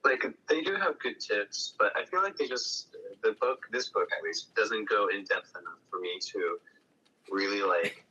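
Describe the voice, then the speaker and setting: Hesitant low-voiced young man, lo-fi. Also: expressive, normal speed, bright, forceful tone, breathy edge. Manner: hesitant, lots of fillers. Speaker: student. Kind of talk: casual chat.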